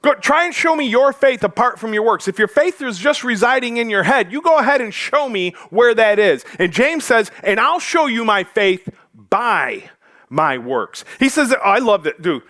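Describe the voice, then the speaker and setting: A man's voice: very high voice, animated, normal speed, hardly any pauses, bright, forceful tone, dry recording, clean studio sound. A male pastor preaching a sermon in a church, joking with the congregation in a loose, conversational way full of fillers.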